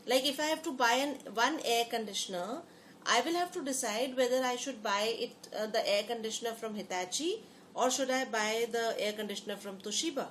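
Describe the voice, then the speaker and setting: A woman's voice: fairly high pitch, fairly quick, a bit bright, slight background noise. A woman teaching a lesson. She often repeats phrases and puts questions to her students. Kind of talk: lecture explaining to students.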